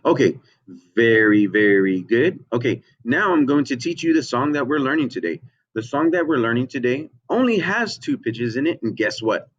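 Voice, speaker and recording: A man's voice: mid-range voice, lively intonation, normal speed. Patient male music teacher, lo-fi sound. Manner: patient, repeats "okay?" often, checks in with the children. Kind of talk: online music lesson for children.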